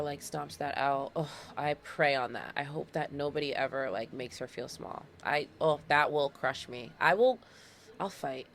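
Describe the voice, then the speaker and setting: Thirty-ish woman doing a solo podcast, lowish voice, playful, repeats stuff for drama. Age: 30s. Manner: animated and playful, with dramatic repetitions. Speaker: podcast host. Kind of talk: casual solo podcast monologue.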